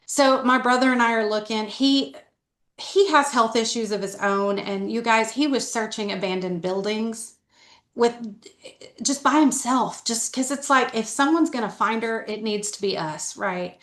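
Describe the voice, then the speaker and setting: A woman's voice: on the high side, moderate pace, fairly bright tone, echoey room. A middle-aged woman telling her story candidly as a podcast guest, talking earnestly with a lot of "like" fillers. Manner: earnest, conversational, frequent "like" fillers.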